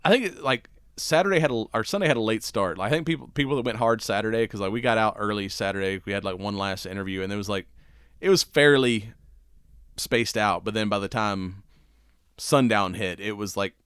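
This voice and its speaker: A man hosting a casual podcast, hoarse and raspy after a weekend of cigars and whiskey, talking in a laid-back, rambling way with easy laughs. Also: fairly low pitch, a little fast, fairly bright tone, no room sound, studio quality. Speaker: podcast host.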